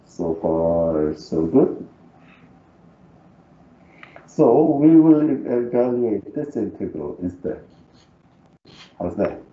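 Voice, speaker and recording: In a roomy, dull lo-fi recording, a male math teacher with a non-native accent works through a live calculus lecture, reasoning aloud and nudging students toward agreement. His mid-range voice is very animated, with drawn-out words and long pauses.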